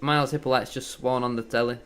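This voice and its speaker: Bloke streaming a footy watchalong, smooth clear voice, hyped and gloating. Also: male voice, mid-range voice, quick pace, soft background music. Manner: excitable, gloating banter. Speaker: football fan streamer. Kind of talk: live match watchalong commentary.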